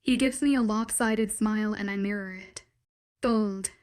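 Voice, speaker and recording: A woman narrating a first-person romance audiobook in a soft, intimate, dreamy storytelling manner. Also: mid-range voice, fairly even intonation, normal speed.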